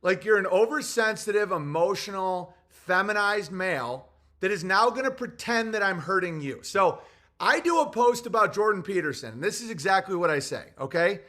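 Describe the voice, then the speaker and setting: A man's voice: sits high, expressive, moderate pace, pushed and bright. A male comedian delivering a heated, blunt and sarcastic ranting monologue.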